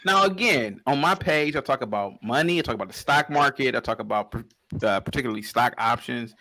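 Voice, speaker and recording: A man's voice: mid-range voice, lively intonation, brisk, bright, forceful tone. A man on a live online panel arguing combatively, repeating "sir" as he cuts in. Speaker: guest panelist, YouTuber. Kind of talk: heated live panel argument.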